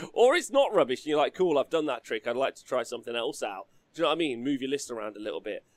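A man hosting a casual hobby livestream, chatty and quick to laugh as he reads out donations. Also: mid-range voice, sing-song. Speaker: livestream host.

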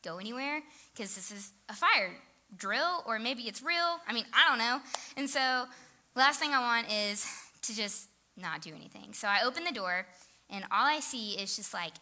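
A woman's voice: on the high side, lively intonation, moderate pace, bright, forceful tone. A woman telling a self-deprecating story in a casual sermon, saying "like" often. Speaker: teacher and speaker.

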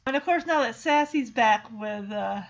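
A woman's voice: a little high, animated, normal speed, highs cut off. A woman giggling and gushing as she recaps a film, acting out the lines.

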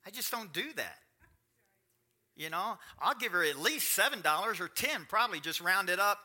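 A man's voice: high-pitched, animated, moderate pace, pushed and bright. A middle-aged man pastor giving a sermon, chatting plainly with the congregation and then building up to emphatic preaching. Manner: conversational, swinging to rising emphatic preaching.

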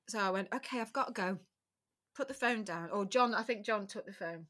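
A middle-aged woman speaks as a podcast guest, telling a personal story with a bright, forceful voice. She talks frankly and emotionally, breaking off and restarting her sentences often and letting the odd swear word slip. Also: mid-range voice, fairly quick. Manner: candid, emotional, with frequent restarts.

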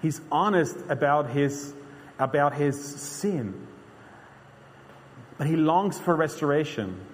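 Male preacher, earnest chatty sermon delivery with restarts; slightly high voice, reverberant hall. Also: lively intonation, takes it slowly, slight background noise. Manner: earnest, conversational, frequent restarts.

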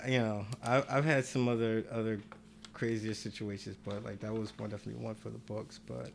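A man's voice: lowish voice, fairly quick, gravelly, noisy background. A man telling a story in a casual podcast chat, acting out the people in it and laughing often. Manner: animated, acts out the people in his stories, laughs often.

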